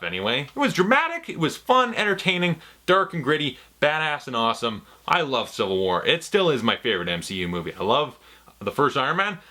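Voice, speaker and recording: A young man rambling excitedly and swearing freely in a casual movie review vlog. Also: mid-range voice.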